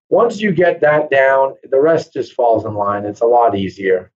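A man who runs a real estate brokerage, telling lively stories in a casual interview and acting out quoted voices. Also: mid-range voice, moderate pace, few pauses. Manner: animated storyteller, acts out quoted voices. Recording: dull lo-fi sound.

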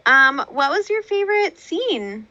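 Bright upbeat woman, lo-fi sound. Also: high voice, very animated, unhurried, no room sound. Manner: upbeat, agreeable, leads the questions. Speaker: podcast co-host. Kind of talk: casual movie review chat. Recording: dull lo-fi sound.

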